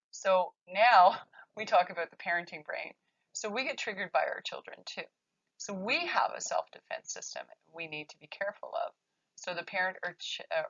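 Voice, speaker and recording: A woman with a somewhat low voice gives a workshop lecture as a child therapist. She talks conversationally and keeps pausing to ask "okay?" The recording sounds muffled and lo-fi. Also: vocal fry, a bit bright. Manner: conversational, often checks in with "okay?".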